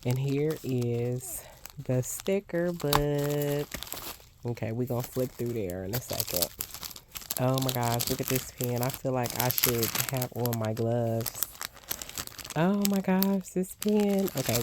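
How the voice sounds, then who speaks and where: An older woman doing a casual unboxing vlog, gushing with excited exclamations as she shows off crafting supplies. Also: very deep voice, measured pace, noisy background. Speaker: crafting vlogger.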